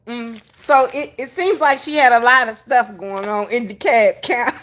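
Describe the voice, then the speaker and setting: A woman's voice: on the high side, moderate pace, fairly bright tone, slight background noise. A woman giving casual livestream commentary, talking straight to her viewers and breaking into fits of laughter. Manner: addresses viewers as y'all. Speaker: online commentator.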